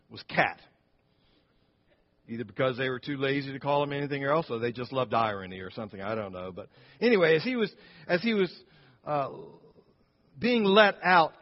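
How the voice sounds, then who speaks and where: A man preaching a sermon and telling a story in a conversational way, with asides and restarts. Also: a little high. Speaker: pastor. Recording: dull sound with long church reverb.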